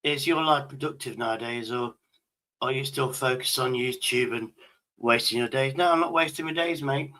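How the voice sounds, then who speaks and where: A man's voice: mid-range voice, normal speed, pushed and bright, poor audio. A man from Britain hosting a stream, telling rambling stories in crude casual banter and swearing constantly. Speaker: stream host.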